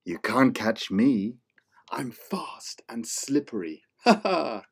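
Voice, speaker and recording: A man voicing a fast, slippery male monster for a children's storybook, teasing in a hushed, whispery way. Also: medium pitch, big pitch swings, husky, exaggerated voice.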